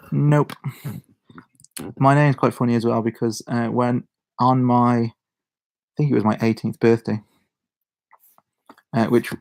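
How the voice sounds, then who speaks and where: A young man with a Shropshire accent talks to camera in a loose, rambling way, often restarting sentences and chuckling as he goes. His voice sits at an ordinary middle pitch with a noticeably gravelly, creaky edge. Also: a little mellow. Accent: Shropshire English. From Shropshire, England. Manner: rambling, self-interrupting, chuckles a lot. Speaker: YouTuber. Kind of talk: casual chat to camera.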